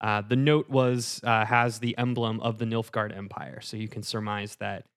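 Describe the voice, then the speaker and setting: A man narrating a tabletop game as game master, casual and halting, with lots of fillers. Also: lowish voice, little pitch movement, a bit bright, clear, resonant tone.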